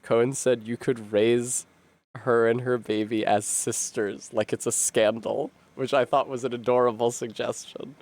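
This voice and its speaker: A man's voice: mid-range voice, level tone, measured pace, a little mellow. A man giving live, joking, profane commentary while streaming a game. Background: game music.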